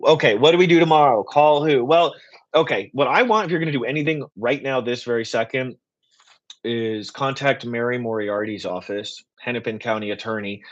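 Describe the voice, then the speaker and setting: Passionate man on a dull lo-fi stream. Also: on the low side. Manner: passionate, rapid, rambling. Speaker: political writer and activist host. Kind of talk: live Q and A stream.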